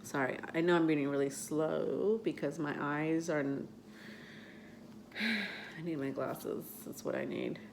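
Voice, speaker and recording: A woman giving a casual tarot reading to her viewers, chatty and halting, with many fillers as she reads card texts aloud. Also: low-pitched, vocal fry, background noise. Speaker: tarot reader.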